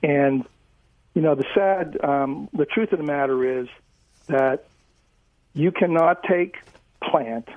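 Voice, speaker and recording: A man's voice: fairly high pitch, slow, pauses often, no echo. A man in his sixties, a food company founder, talking earnestly as an interview guest with many fillers. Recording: dry tinny phone-like line.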